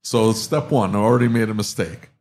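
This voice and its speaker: A podcast co-host who owns an auto shop chats casually in a brisk, lowish male voice with a darkish tone. He tells rambling, self-mocking stories and laughs often.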